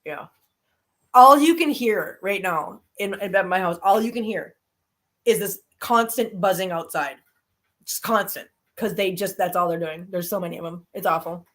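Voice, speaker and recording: On her live stream, a woman talks casually with viewers, telling stories with energy and moving from low grumbles to high squeals. Her speed is normal and her tone fairly bright.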